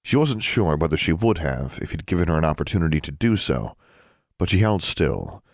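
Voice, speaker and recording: Deep-voiced man narrating an audiobook. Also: brisk, no echo. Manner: expressive, varied delivery. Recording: dry close studio sound.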